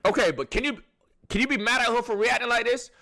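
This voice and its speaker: A man co-hosting a live stream, reacting with excitable, profane, dramatic outbursts. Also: very high voice, quick pace.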